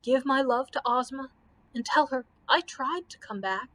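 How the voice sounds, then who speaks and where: A woman voicing a gentle, earnest male scarecrow who rules as emperor. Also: high-pitched, normal speed, poor audio. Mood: dejected. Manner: earnest, dejected.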